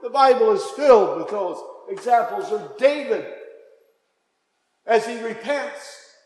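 A man preaching a sermon, impassioned, dropping to a hush and then rising again. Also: high-pitched, lively intonation, takes it slowly. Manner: impassioned, swings from hushed to raised. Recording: echoey hall.

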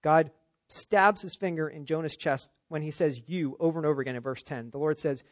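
Delivering an expository sermon at a fairly quick clip, a male pastor with a fairly high voice rises emphatically for stress and sinks low for asides. The recording is close and dry, with no room sound.

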